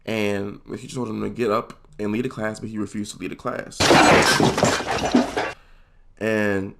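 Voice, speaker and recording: A young man telling a comedic story from his school days in a casual, slangy, profane way, leaping into high voices when he quotes people. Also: flat delivery, a little slow, vocal fry, very noisy.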